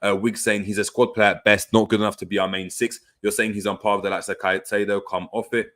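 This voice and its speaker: A man's voice: fairly low pitch, little pitch movement, fast talker, fairly bright tone. Slangy man hosting a livestream. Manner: reads viewer comments aloud and reacts, repeating phrases with slang. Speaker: livestream host. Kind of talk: casual livestream chat.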